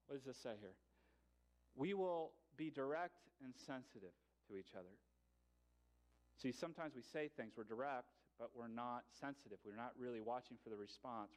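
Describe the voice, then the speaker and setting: A male pastor preaching a sermon in a conversational way, with light humor and pauses. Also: fairly high pitch.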